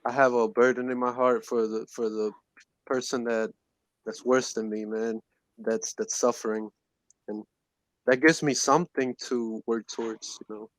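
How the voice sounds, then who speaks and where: A man speaks earnestly and haltingly, often restarting his phrases as he shares his story. His voice is mid-pitched. The recording is dry, with no room echo. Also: fairly even intonation. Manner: earnest, halting, laughs softly. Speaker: guest in recovery ministry. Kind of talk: casual personal testimony.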